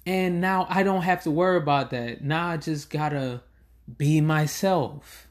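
A man's voice: on the high side, unhurried. A tired young man who hasn't slept, rambling to camera in a casual vlog, swearing freely as he vents about his day. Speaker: vlogger.

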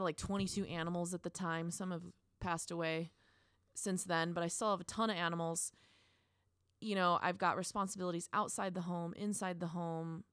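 A woman's voice: on the low side, a bit bright, clean tone, no room sound, clean studio sound. A woman in her thirties co-hosting a podcast, talking earnestly and encouragingly in long casual runs. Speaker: podcast co-host.

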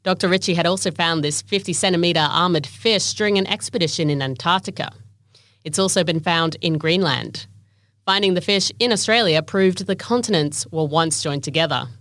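A woman narrates a documentary in a measured, steady scripted read. Her voice sits a little low, recorded dry and close. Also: dry recording.

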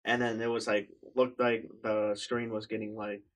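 Young guy, lowish voice, hesitant storyteller full of fillers. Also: level tone, normal speed, low-quality recording. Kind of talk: casual chat.

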